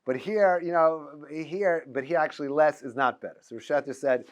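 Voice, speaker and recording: A man's voice: medium pitch, fairly quick, hardly any pauses. A middle-aged man giving an informal class as a rabbi, telling stories with frequent restarts and chuckles. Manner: animated storyteller, many restarts and chuckles. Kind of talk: informal lecture with anecdotes.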